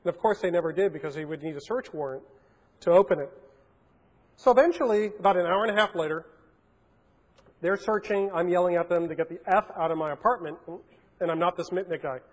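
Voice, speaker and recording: A man's voice: high voice, fairly quick, long pauses. A man giving a keynote talk, telling a story and acting out the dialogue in a large conference hall. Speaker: keynote speaker.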